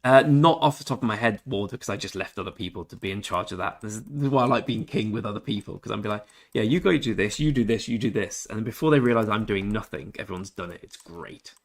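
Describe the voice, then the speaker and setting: A man's voice: on the low side, fast, few pauses. A laid-back young Englishman streaming a game and chatting with viewers in a jokey, easygoing way. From England. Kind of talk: casual livestream chat with viewers.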